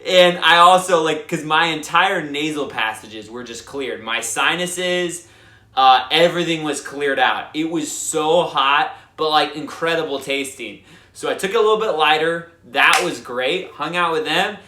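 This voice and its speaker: A young man hosting a board game channel, telling a lively casual recap full of fillers and acted-out quotes. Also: fairly high pitch, unhurried. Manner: animated, lots of fillers, acts out quotes. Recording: echoey room.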